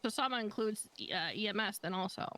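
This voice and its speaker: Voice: medium pitch, brisk, pushed and bright. A speaker in casual role-play chat, matter-of-fact and explaining.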